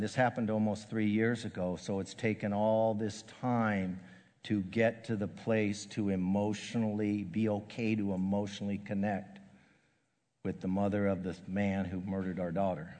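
Older man preaching with halting, repeated words. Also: on the low side, big-room sound. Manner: halting, repeats and restarts words, grows hushed and soft. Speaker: pastor. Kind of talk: sermon.

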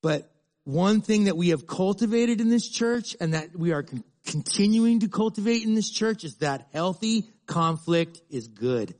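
A man's voice: sits high, animated, normal speed, a little mellow. A middle-aged male pastor preaching a sermon in a conversational way, acting out little dialogues.

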